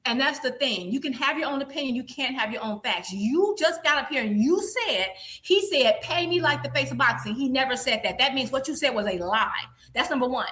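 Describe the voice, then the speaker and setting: A woman's voice: sits high, lively intonation, fairly quick, hardly any pauses, a bit bright. A woman co-hosting a stream, arguing insistently and repeating her points in a heated casual debate. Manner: combative, insistent, repeats accusations. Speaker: co-host of a boxing talk stream.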